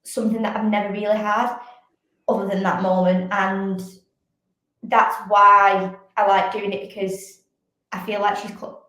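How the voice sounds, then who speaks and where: A woman's voice: mid-range voice, little pitch movement, measured pace, sharp tone. A young woman, a fitness coach, talking candidly in a casual chat and filling her speech with "like". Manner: chatty, fills speech with "like". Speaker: podcast guest, fitness coach and athlete. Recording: very echoey room.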